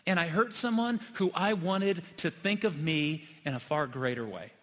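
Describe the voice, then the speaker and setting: A middle-aged male pastor with a fairly high, bright, forceful voice preaches a sermon. He tells personal stories earnestly, rising to loud emphasis and dropping to hushed, quiet lines. His voice rings through a church sanctuary with a long reverb. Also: moderate pace.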